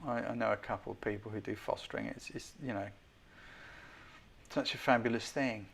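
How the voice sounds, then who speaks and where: A man's voice: lowish voice, fairly even intonation, moderate pace, gravelly, a bit bright, a little hiss or hum. Chatty man critiquing photos live. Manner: chatty, keeps asking viewers' opinions; self-deprecating, hedging critic. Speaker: host giving photo feedback.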